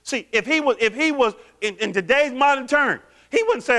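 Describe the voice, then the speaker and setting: Animated, high-voiced preaching man. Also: moderate pace. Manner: animated, quizzes the congregation with call-and-response questions. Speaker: pastor. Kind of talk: sermon.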